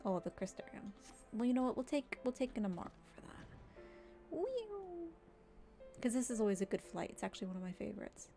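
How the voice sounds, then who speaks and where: A woman's voice: mid-range voice, fast, gravelly, dark tone, soft background music. A woman game streamer giving blunt, sweary, chatty commentary while she plays. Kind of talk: casual gameplay commentary.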